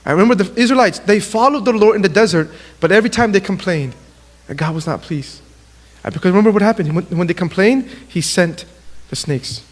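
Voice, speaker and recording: A man giving a sermon to young people, telling animated stories and acting out little exchanges. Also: high-pitched, fairly quick. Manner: animated storytelling, acts out quotes. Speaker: youth speaker. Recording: long hall reverb.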